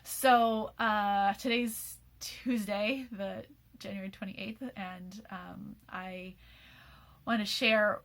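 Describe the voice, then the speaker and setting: A woman in her forties, worn out from a sleepless night, speaks as a program host in a candid, rambling personal message. Her voice is medium-pitched and fairly bright, with slow, fairly even intonation. She restarts often and laughs lightly, frequently in the middle of sentences.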